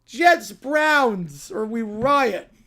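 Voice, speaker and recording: A man's voice: very high voice, big pitch swings, drawn-out words, exaggerated voice. A man doing a whiny Canadian brat. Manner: whining, loud and drawn out. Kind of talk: reading a viewer prompt as a skit.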